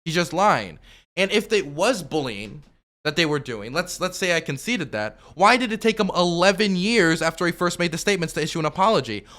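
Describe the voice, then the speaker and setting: Bright-voiced man arguing back at a video. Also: on the high side, sing-song, brisk. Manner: argumentative, rebutting with repeated objections; loose, full of fillers and restarts. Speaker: streamer reacting to a video. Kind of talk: commentary.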